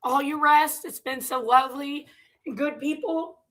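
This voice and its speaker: High, bright-voiced woman ranting heatedly. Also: unhurried. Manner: heated, profane, confrontational ranting. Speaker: commentary vlogger. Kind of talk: reading and reacting to viewer comments.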